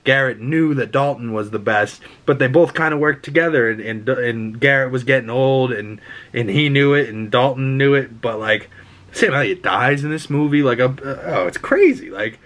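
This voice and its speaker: A man talks straight to his viewers in a loose, unscripted movie review. His voice sits at an ordinary middle pitch. He rambles, swears freely, and leans on fillers as his excitement spills over. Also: moderate pace. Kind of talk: casual vlog film review.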